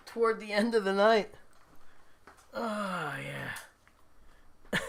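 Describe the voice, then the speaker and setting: A man's voice: high-pitched, a bit bright. A man hosting a live stream in a casual chat, reading viewer comments aloud and laughing often. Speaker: livestream host.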